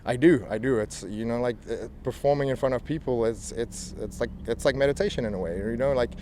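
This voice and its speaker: A man's voice: mid-range voice, brisk, darkish tone. Man, South African-American accent, laid-back and laughing, outdoor interview, faint helicopter noise behind. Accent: South African mixed with American. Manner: laid-back, laughs often, rambling restarts. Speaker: professional wrestler guest. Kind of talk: casual interview.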